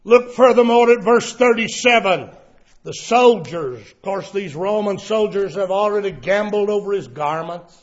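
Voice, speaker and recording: A male pastor preaching a sermon, emphatic and drawn out, with the Bible quotes shouted. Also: high-pitched, expressive, moderate pace, lo-fi sound.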